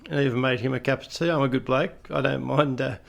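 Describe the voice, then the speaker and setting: A man's voice: medium pitch, fairly even intonation, fast talker, gravelly. A middle-aged Australian man telling anecdotes in a casual, conversational way with folksy asides. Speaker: retired police officer storyteller.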